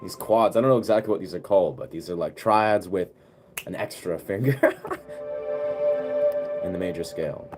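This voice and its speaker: A man's voice: low voice, normal speed, long pauses. A man chatting casually on a live stream as a musician, laid-back and rambling with slangy asides. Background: keyboard music he plays.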